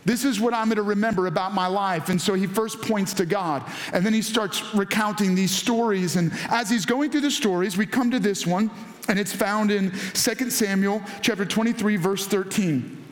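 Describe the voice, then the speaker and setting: A man with a fairly high voice preaches in a roomy, echoing church hall. He tells the story casually and drops into voiced asides for the people in it. His delivery is loose and conversational rather than formal. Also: moderate pace. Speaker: pastor. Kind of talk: sermon.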